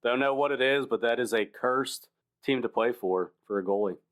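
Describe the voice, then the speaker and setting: A man's voice: medium pitch, moderate pace. A man co-hosting a sports podcast, leading segments in an upbeat, playful, casual way.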